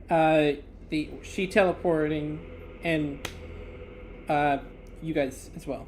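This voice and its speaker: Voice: medium pitch, steady tone, slow pace, long pauses, a little mellow, slight background noise, rough recording. A game master narrating a tabletop game, hesitant and often restarting sentences.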